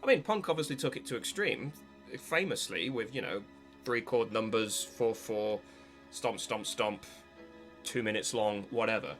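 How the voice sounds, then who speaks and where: A man's voice: on the low side, normal speed, fairly bright tone. A man giving a spoken video essay as a music commentator, discursive and analytical, with frequent fillers and restarts.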